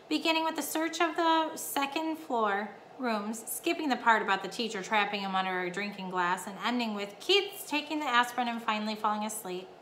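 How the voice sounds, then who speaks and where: Casting: female teacher reading a chapter book to her class, crisp bright voice, room echo. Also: on the high side. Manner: warm-up questions to the class, lively reading. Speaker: fourth-grade teacher. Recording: echoey room, faint hum.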